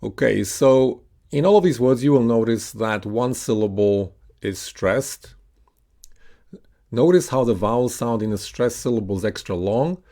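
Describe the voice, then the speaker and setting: Slow, gravelly male pronunciation teacher. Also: mid-range voice, dark tone. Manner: patient, deliberate, stretches words out to model stress. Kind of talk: slow instructional lesson with repeat-after-me drills.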